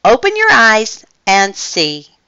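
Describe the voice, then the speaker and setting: A woman's voice: a little high, huge pitch swings, slow pace, pushed and bright, clear, resonant tone, dry recording, highs cut off, pitched above the performer's own voice, exaggerated voice. O'Malley, a boastful alley cat read by a woman. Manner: boastful, showy. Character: scrappy streetwise male alley cat.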